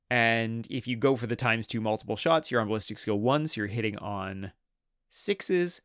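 A man's voice: medium pitch, fairly bright tone, clean tone, dry recording, clean studio sound. A man hosting a hobby history video, narrating in an enthusiastic, conversational way. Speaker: host.

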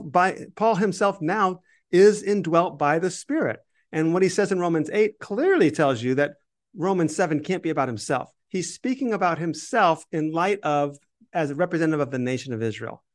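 A man with a slightly higher voice talks through a Bible passage in conversation. He keeps reading verses aloud with emphasis and stops to explain them, with some restarts along the way. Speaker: Bible podcast co-host.

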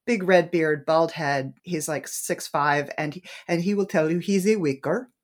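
A woman author chatting as a guest, telling a story casually. Her voice sits slightly low, and she fills her pauses with ums and small laughs.

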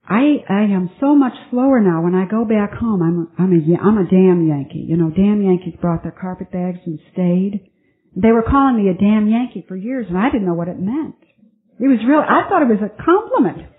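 A woman sharing her recovery story at a twelve-step meeting, earnest and halting with many restarts. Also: mid-range voice, lively intonation. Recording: tinny phone-like conference tape.

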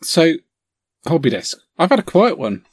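Casting: excitable man, podcast co-host, dry close sound. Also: a little high, normal speed, husky, no room sound. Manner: enthusiastic, rambling with fillers. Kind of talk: casual chat.

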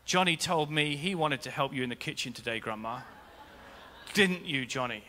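A sly little girl needling her guilty brother, voiced by a male preacher. Her tone is bright and sweetly pointed. A big hall lets the voice ring long. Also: mid-range voice, normal speed, slight background noise, natural voice. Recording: long reverb of a large church hall.

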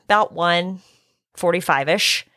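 Hoarse woman telling a messy story. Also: on the low side, unhurried, no room sound, studio quality. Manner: animated, acts out her own quotes, swears. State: hoarse, recovering from illness. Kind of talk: casual storytelling chat.

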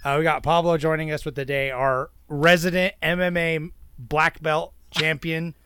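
A man's voice: a little high, little pitch movement, moderate pace, sharp tone, clear, resonant tone, dry recording. Joking, swearing male podcast host. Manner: loose, joking, swears a lot. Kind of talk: casual movie-review chat.

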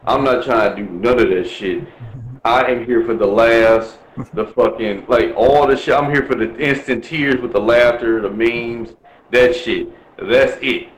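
A man's voice: mid-range voice, measured pace, roomy sound, low-quality recording. A man from Milwaukee talking bluntly and profanely in a casual chat, ranting with lots of swearing. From Milwaukee, USA.

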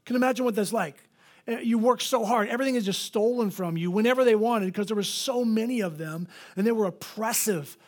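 Animated high-voiced male pastor. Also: brisk. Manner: animated storytelling, acts out quoted voices. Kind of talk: preached sermon. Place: church.

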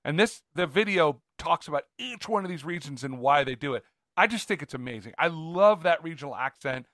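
A man's voice: a little high, lively intonation, brisk, fairly bright tone, dry recording, clean studio sound. Eager, rambling man on a podcast. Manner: enthusiastic, rambling with restarts. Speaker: podcast co-host. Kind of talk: casual podcast chat.

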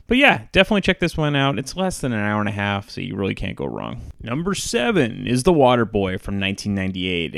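A man hosting a casual countdown of comedy movies, chatty and relaxed, with frequent fillers. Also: on the low side, creaky, clear, resonant tone, dry recording, studio quality. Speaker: host.

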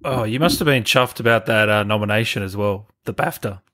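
A man's voice: fairly low pitch, a little fast, bright, forceful tone. A man with an Australian accent hosting an interview, chatty and laughing easily. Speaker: podcast host. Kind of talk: casual interview chat.

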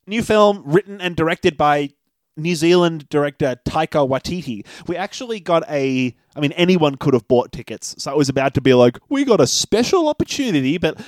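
A chatty man co-hosting a relaxed film podcast, laughing and swearing freely as he recaps the story. His voice sits slightly high for a man, recorded dry and close with no room sound. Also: moderate pace, no room sound. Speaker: podcast co-host. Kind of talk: casual film review chat.

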